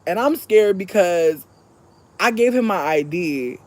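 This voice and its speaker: A young adult hosts a podcast and tells a long story in a casual, profane way. The voice sits at a middle pitch and swoops widely, dropping soft and then climbing to shouts. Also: expressive, measured pace.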